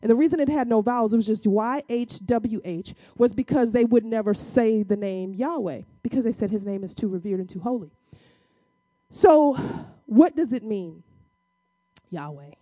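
A woman delivering a sermon with a warm, mellow voice pitched a little high. She preaches conversationally and emphatically, slipping into casual acted-out dialogue and landing points with dramatic pauses. The sound is close and dry. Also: animated, no echo. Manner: acts out biblical dialogue in casual speech.

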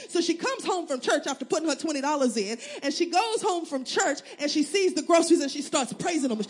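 High-voiced woman pastor preaching. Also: animated, brisk, hardly any pauses. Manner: preaching with call-and-response, acting out quotes, building to shouts. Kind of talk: sermon.

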